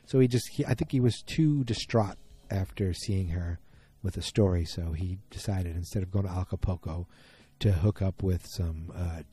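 A man talks through a TV episode recap in a loose, rambling way, thinking aloud and breaking off mid-sentence. His voice is low-pitched and very dark and mellow. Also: normal speed, hardly any pauses, husky.

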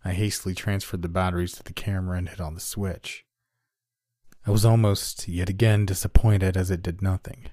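A man reading a first-person horror story aloud in a measured, deliberate way. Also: low-pitched, level tone, warm tone, dry recording, clean studio sound. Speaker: narrator. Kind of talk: scripted horror story narration.

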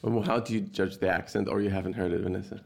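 A man with a fairly low voice hosts a brunch chat in a home kitchen. He asks his guests questions in a relaxed, curious way. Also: fast talker, creaky. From not British, living in Britain. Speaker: host. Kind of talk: casual chat over brunch. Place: house kitchen.

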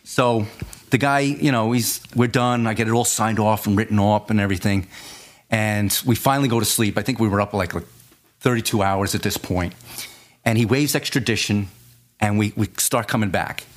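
A man, a former detective, telling a case story in casual chat, animated and often repeating his words. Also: fairly low pitch, normal speed.

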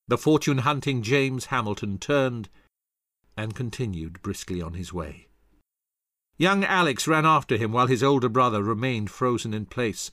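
Man narrating history, really animated and dramatic, dead dry close mic. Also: mid-range voice, normal speed, no room sound. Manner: dramatic, expressive storytelling.

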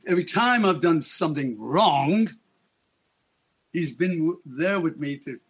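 A man's voice: a little high, breathy edge. A man being interviewed as a guest, telling a dramatic, rambling story.

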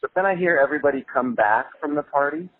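A man's voice: on the high side, fast, no echo. Young man, casual storyteller, chuckles and swears, lots of "like", tinny narrow sound. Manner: animated, laughs often, many "like" fillers, swears casually. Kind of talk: casual anecdote telling. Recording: phone-like line with faint music.

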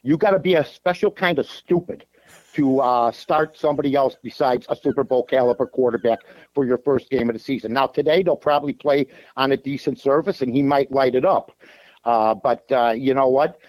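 A man's voice: medium pitch, brisk, a little mellow, no room sound, low-quality recording. A man from Chicago, a sports radio host and handicapper, talking bluntly as a guest from his car, with lots of fillers and restarts. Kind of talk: casual sports talk on a call-in show. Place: in a parked car.

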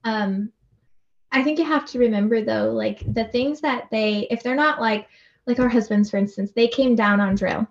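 A chatty woman co-hosts a casual podcast, her voice sitting a little high. She laughs easily and fills her talk with fillers. The audio is a touch dull and muffled. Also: moderate pace. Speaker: podcast co-host, mother, military spouse. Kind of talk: casual chat.

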